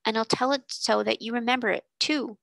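A woman's voice: a little high, fairly even intonation, brisk, vocal fry, fairly bright tone, dry recording. A woman voicing an earnest, thoughtful young girl who loves books, speaking in an eager, sincere way in a storybook reading.

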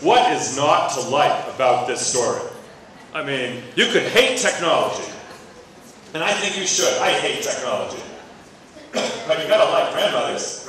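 A man with a slightly high voice talks to a room full of teachers, spinning stories and tossing questions back at them. He sounds distant, caught from across an echoing room with a faint hum of ambience behind him. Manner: animated storytelling, asks the audience questions. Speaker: education speaker. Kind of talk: presentation to teachers. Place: meeting room or hall with an audience.

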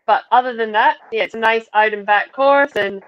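A woman's voice: fairly high pitch, moderate pace. A woman with a Scottish accent, a runner being interviewed over a video call from her wardrobe at home, friendly and upbeat. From Scotland. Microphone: video call over a weak connection. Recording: muffled lo-fi video call audio.

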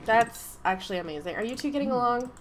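A young woman casually commenting on her game, excitable and gushing with chatty asides. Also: on the high side, quick pace, noisy background. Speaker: gaming YouTuber. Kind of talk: casual let's-play commentary.

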